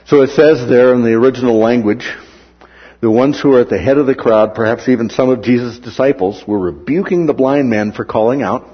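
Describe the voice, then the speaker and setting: A man's voice: medium pitch, fairly quick, slightly rough, muffled recording. A man preaching a sermon who acts out the words of the people in the story. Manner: animated, acts out the characters' words.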